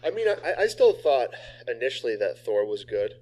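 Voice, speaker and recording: A man's voice: medium pitch, big pitch swings, normal speed, darkish tone. A man in a casual movie review chat, laid-back and searching for words. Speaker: podcast co-host.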